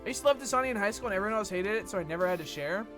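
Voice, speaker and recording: A man's voice: high-pitched, animated, very fast, fairly bright tone, faint music behind. A young man streaming a game, chatting casually and reading chat with a rambling, sweary manner full of fillers.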